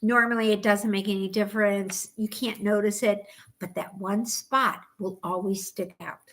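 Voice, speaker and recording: A middle-aged woman co-hosting a knitting podcast in casual chat, ranting with bursts of loud exasperation. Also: medium pitch, steady tone, moderate pace. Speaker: podcast co-host.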